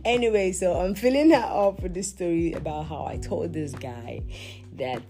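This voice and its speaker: A woman's voice: lowish voice, moderate pace, faint music behind. A woman, hosting a podcast and telling a confessional story in a chatty way, full of laughing asides where she talks to herself. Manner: animated, self-talking, laughing asides. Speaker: podcast host.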